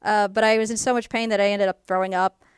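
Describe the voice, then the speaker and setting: A woman casually telling a personal story to camera in a rambling way, full of fillers, and animated when she quotes people. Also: medium pitch, quick pace, clean tone, no echo, studio quality. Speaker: YouTuber.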